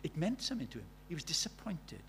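A man with a South Welsh accent preaching a sermon, earnest, moving from loud emphasis to hushed storytelling. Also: fairly high pitch, wildly swooping pitch, fast, slight background noise. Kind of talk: sermon with personal stories.

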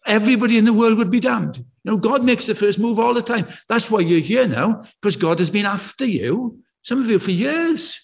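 An older man preaching a sermon, chatty and anecdotal, slowing down to repeat key words with emphasis and dropping in wry, self-deprecating asides. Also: high voice, lively intonation, gravelly. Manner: conversational and anecdotal, with slow emphatic repetition.

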